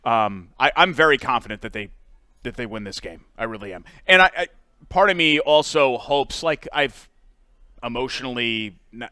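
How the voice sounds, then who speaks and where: A man's voice: mid-range voice, sharp tone, dry recording. A man co-hosting a sports talk show, chatting casually and animatedly, often stumbling and restarting. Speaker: sports radio co-host.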